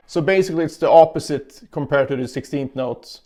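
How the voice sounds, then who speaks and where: A guitar teacher gives a casual lesson, explaining picking and counting beats out loud as he demonstrates, with guitar playing in between. His voice is on the high side and a little mellow, and he talks fairly quickly with hardly any pauses.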